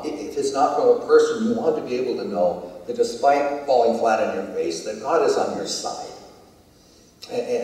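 A man's voice: medium pitch, warm tone. A man preaching a sermon as pastor, telling the story in a conversational way and asking the congregation questions. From United States. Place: church sanctuary. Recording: echoey church hall, distant mic.

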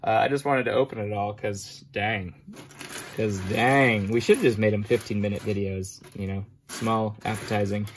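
A man's voice: lowish voice, steady tone, moderate pace, slight background noise. A man chatting casually to his viewers as he sorts through a big toy haul, joking at his own expense as he goes. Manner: chatty, self-mocking, sorting items while talking. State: standing for a long time, back sore. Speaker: toy collector vlogger. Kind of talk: casual unboxing commentary.

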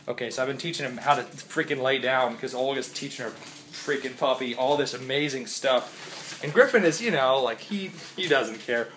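A man chatting in a rambling, jokey vlog from his house, still sick, swinging from loud outbursts to mumbles. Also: medium pitch, moderate pace, slight background noise. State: sick, congested. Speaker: vlogger. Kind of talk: casual vlog chat.

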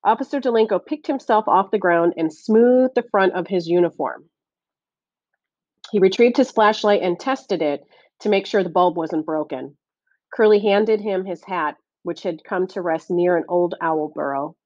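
A woman reading a novel aloud as audiobook narration, steady and clear. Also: lowish voice, moderate pace, no room sound, highs cut off. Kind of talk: scripted narration.

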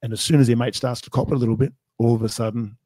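An Australian man hosting a casual podcast, a joking storyteller who chats quickly about fights he has commented on. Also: mid-range voice, level tone, warm tone, slightly rough, no echo.

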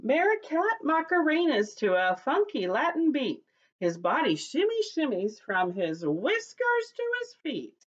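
A woman's voice: high-pitched, huge pitch swings, measured pace, muffled recording. A woman preschool teacher reading a picture book aloud to young children, with a cheerful sing-song voice that leads call-and-response chants.

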